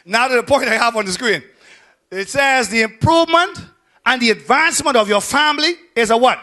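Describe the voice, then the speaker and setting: A pastor delivers his sermon in a strikingly high voice with a sharp, bright edge. He shouts his big points, then sinks to quiet, low asides. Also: fairly quick. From Bahamas.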